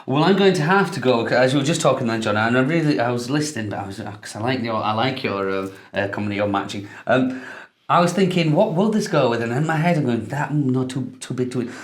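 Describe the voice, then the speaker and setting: A man's voice: medium pitch, fast, reverberant. A man with a Yorkshire accent, co-hosting a wine tasting show in casual, hesitant chat that breaks into laughs. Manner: chatty, hesitant, laughs easily.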